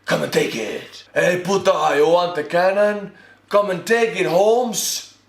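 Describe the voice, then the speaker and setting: A man's voice: high voice, slow pace, vocal fry, reverberant, voice pushed up, full character voice. An Estonian-accented man voicing rowdy, mocking male Texan settlers. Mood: taunting. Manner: loud, mocking taunts.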